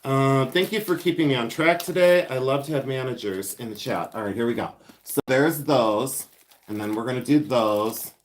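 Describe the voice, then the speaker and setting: A man hosting a casual live stream, chatty, excitable and self-mocking as he shows vintage finds indoors. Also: medium pitch, normal speed, a little hiss or hum. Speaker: livestream host selling vintage finds. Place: indoors at home, seated with items.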